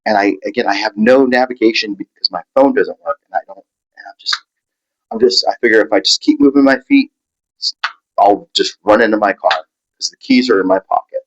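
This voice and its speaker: A man telling a personal story in a halting, rambling way, full of restarts and fillers, acting out the voices of people he met. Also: fairly low pitch, sing-song, creaky, muffled recording.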